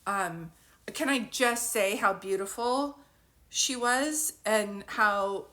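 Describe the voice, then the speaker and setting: A woman's voice: medium pitch, takes it slowly, sharp tone. A woman working as a psychic medium, giving a live spirit reading in a chatty, informal way and laughing often.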